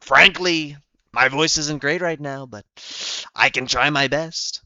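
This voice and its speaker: Guy putting on a loud bragging old politician voice, pitched up, slow drawn-out superlatives, kinda dull mic. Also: no echo, full character voice. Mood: boastful. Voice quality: strained throat. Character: boastful bombastic older male politician.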